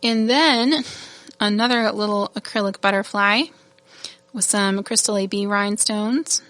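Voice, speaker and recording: A woman's voice: mid-range voice, steady tone, measured pace, fairly bright tone, no room sound. A woman hosting a casual product showcase, chatty and gushing, laughing at her own fumbles. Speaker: shop host showing new beads.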